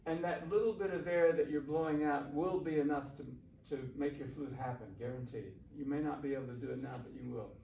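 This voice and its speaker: A man leading a shakuhachi workshop, coaching students on their breathing in a relaxed, encouraging way. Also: fairly high pitch, a little fast, creaky, hardly any pauses. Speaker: shakuhachi teacher. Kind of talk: workshop instruction. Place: classroom. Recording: roomy, distant mic, faint room noise.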